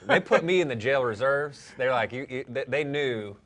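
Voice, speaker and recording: A man's voice: mid-range voice, animated, moderate pace, fairly bright tone. A man co-hosting a live-streamed recovery talk show, friendly and loose, often repeating words as he talks. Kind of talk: casual live-stream chat.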